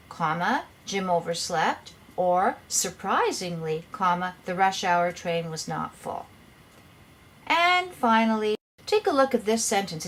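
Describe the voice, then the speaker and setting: A woman teaching a grammar lesson, taking her time and explaining each rule step by step. She reads example sentences aloud and names every punctuation mark. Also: mid-range voice. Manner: slow, careful, dictating punctuation aloud. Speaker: English teacher.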